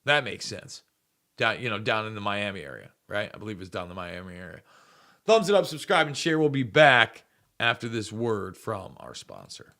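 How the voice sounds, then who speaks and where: A man's voice: fairly low pitch, expressive, moderate pace, sharp tone. A man hosting a political commentary show, rambling and sarcastic, often stumbling and repeating words. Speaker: host.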